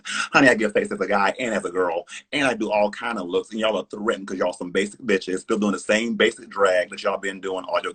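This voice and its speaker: A man's voice: on the low side, a bit bright, slightly rough. Defiant sassy man ranting on a live stream. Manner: defiant, sassy, heated, swears often, many "like"s and "honey"s. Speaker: drag performer on a live stream.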